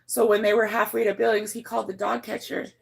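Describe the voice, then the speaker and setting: A woman's voice: little pitch movement, fast talker, vocal fry, slightly rough. A woman livestreaming to her chat, telling a personal story in a rambling, blunt way, swearing freely and often restarting her sentences. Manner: emotional, voice climbs high when moved.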